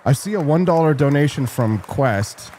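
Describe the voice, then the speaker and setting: Brash fast-talking male show host. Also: fairly high pitch, lively intonation, warm tone, some chatter behind, a little hiss or hum. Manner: brash, fast-talking, reads live chat. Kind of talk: energetic political talk show.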